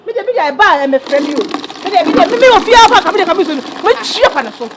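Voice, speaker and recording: A woman's voice: very high voice, sing-song, very fast, heavy background noise. An actress with a Ghanaian accent playing a flashy young woman who laughs, teases and mixes Twi with English slang as she brags about luxury things. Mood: gossiping. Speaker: actress in a Kumawood film. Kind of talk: dramatic film dialogue.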